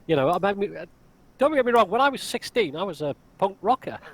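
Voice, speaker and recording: A man in his forties in casual conversation, chatty and animated as he tells stories. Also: high voice, fairly quick. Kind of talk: casual chat.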